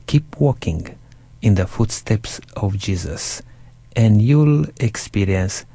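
A male radio host with a very low, dark voice who speaks slowly. He pauses often and fills the gaps with hesitations while thanking a guest, and the sound is dry. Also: lively intonation, slightly rough, dry recording. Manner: halting, with many fillers.

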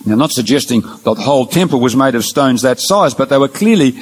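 A man giving an illustrated Bible lecture, explaining step by step through numbered points in an earnest, measured way. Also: mid-range voice, expressive, husky, poor audio. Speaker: Bible teacher.

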